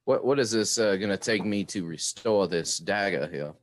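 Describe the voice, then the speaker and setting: A man chatting casually as a player in a tabletop game, halting and restarting his sentences. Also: lowish voice.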